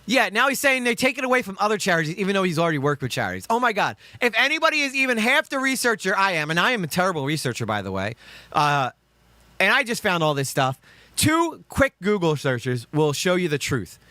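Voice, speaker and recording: A man with a Southern US accent reacts to videos in an angry, profane rant. His voice swings up and down with a bright, cutting edge. The sound is dry and close. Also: sits high, very animated, fast, dry recording. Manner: heated, profane, ranting. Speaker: commentary streamer reacting to videos.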